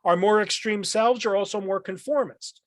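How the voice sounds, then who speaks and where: A man, a philosophy professor, explaining ideas as a guest on a podcast in a thoughtful, lecturing way, often pausing with "um" and restarting his phrases. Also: high voice, no room sound. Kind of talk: podcast interview.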